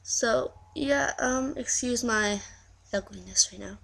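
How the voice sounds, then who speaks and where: Gravelly-voiced teen girl with a lisp. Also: fairly high pitch, slow, a bit bright. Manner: rambling, self-deprecating, giggly. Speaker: vlogger. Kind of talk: casual birthday video message.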